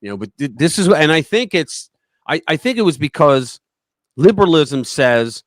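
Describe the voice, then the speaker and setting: A man hosting a conservative news livestream, giving opinionated commentary in an animated, mocking way and telling anecdotes. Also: on the high side, moderate pace, no room sound, clean studio sound.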